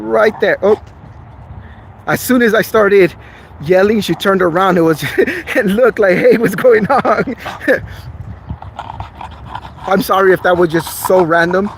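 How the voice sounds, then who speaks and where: Man, livestream chat, chatty, apologetic, fairly high voice, faint outdoor noise. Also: vocal fry, low-quality recording. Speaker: vlogger. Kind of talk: casual livestream chat with viewers.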